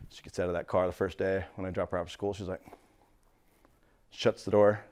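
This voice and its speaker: A fast-talking middle-aged real estate coach gives a casual motivational talk in a clear, resonant voice. He tells stories, curses, says "dude," and swings from low and confiding to loud and excited.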